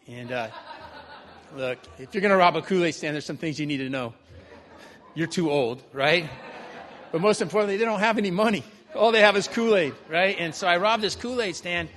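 Man, live storyteller, quick conversational delivery, long hall reverb. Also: fairly high pitch, fairly bright tone. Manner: conversational, keeps adding "right?".

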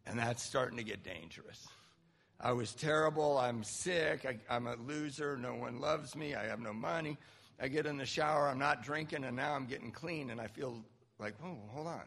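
Guy with a gravelly husky voice telling his recovery story, big hall echo. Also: medium pitch, a bit bright. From Southern California. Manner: candid, self-mocking, halting restarts. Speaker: recovery speaker. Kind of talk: personal story talk.

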